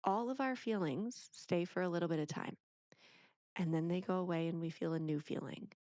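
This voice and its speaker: A woman's voice: on the low side, normal speed, no room sound, clean studio sound. A woman, a parenting author, chatting as a podcast guest and animatedly acting out the people in her stories. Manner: animated storyteller who acts out quoted speech. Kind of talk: casual interview conversation.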